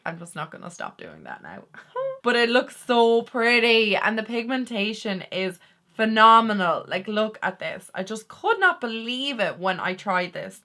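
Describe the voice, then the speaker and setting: A woman's voice: mid-range voice, sharp tone. A young woman with a chatty, enthusiastic manner, casually reviewing makeup products to camera. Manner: chatty, enthusiastic, quick asides. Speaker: beauty vlogger.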